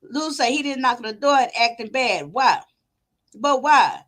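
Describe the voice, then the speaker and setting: Bright, high-voiced woman host, casual. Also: animated, moderate pace. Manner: casual, talks things through with her viewers. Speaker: commentary channel host. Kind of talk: reacting to a clip and reading viewer comments.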